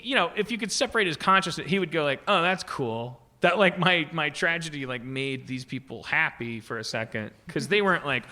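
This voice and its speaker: A man's voice: fairly high pitch, sharp tone. A man hosting a live comedy podcast, rambling with lots of fillers and restarts. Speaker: host.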